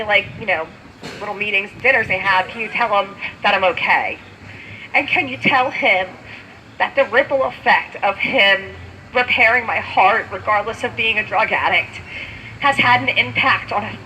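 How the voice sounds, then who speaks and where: A woman's voice: medium pitch, normal speed, bright, forceful tone, a little hiss or hum, poor audio. A woman in her thirties giving a heartfelt personal testimony at a community event, talking in a conversational way with many fillers. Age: 30s. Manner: heartfelt, conversational, full of "you know" fillers. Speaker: speaker sharing a recovery story.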